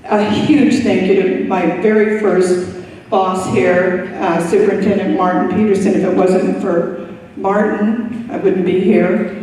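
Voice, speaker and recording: Older woman, slow speech, grateful and emotional, halting pauses, echoey hall, far from the mic. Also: medium pitch, little pitch movement, mellow, a little hiss or hum. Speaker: retiree giving a farewell speech. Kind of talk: retirement party speech.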